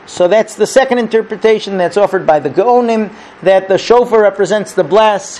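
Speaking at a moderate pace with few pauses, the rabbi has a high-sitting voice and a darkish tone. His chatty lesson keeps checking in with listeners through "okay?" and "right?", and he acts out the characters as he tells stories.

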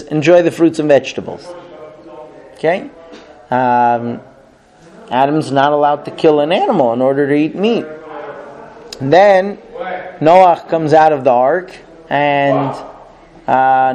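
A man teaching a religious class, telling stories in an animated way and often laughing. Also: on the high side. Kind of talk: storytelling religious lesson.

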